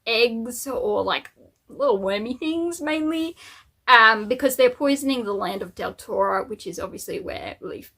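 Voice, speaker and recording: A woman's voice: fairly high pitch, fairly bright tone. A woman book vlogger chatting casually and cheerfully about the books she plans to read, with little asides and fillers. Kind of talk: casual chat.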